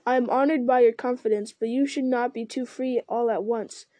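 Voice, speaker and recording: An ancient, unhurried male tree giant from a storybook, pondering every word and humming to himself, read by a woman. The voice sits fairly high and mellow in a dry, close sound. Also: steady tone, dry recording, close to an everyday voice. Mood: musing. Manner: slow, deliberate, musing with hums. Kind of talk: reading a fantasy novel aloud.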